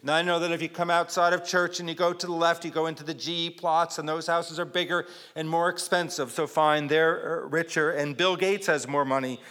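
A man's voice: a little high, a bit bright, long reverb tail. A man preaching a sermon as pastor, emphatic and repetitive, praying and reading scripture in a church. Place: church sanctuary.

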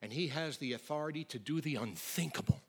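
A middle-aged male pastor preaching a sermon with emphatic swings from loud declarations to near whispers. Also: on the high side, brisk, slightly rough.

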